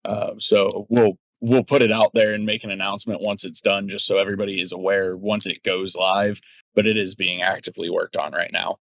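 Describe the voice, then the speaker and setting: A man with a somewhat low voice hosts a community Q&A and moves through questions in an easygoing way. His sound is dry and close to the mic. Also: little pitch movement, brisk, no echo. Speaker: host running a Q&A. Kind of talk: casual moderating.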